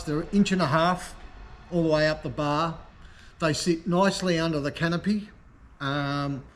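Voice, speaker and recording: A man's voice: fairly high pitch, a bit bright, a little hiss or hum. A man hosting a casual product showcase vlog for his motorcycle parts shop, enthusiastic and easygoing. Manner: enthusiastic, easygoing, talks like a salesman.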